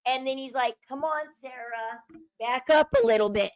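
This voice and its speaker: High-voiced chatty woman commentator. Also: moderate pace, no echo, rough recording. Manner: chatty, speculative, drops to a low murmur when quoting others. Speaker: commentary channel host. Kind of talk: casual commentary over a video clip.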